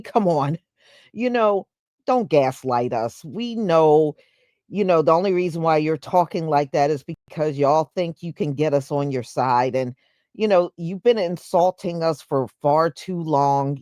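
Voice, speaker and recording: A woman on a livestream, speaking slowly in a low register with her pitch swinging widely. She hammers her points home and repeats herself for emphasis. The sound is dry and close. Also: a little mellow, no room sound. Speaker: livestream host. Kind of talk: live commentary to viewers.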